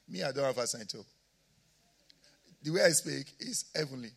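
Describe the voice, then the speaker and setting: A man with an African accent, a pastor preaching a sermon, moving between quiet asides and shouted declarations. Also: mid-range voice, a little slow, vocal fry, pauses often.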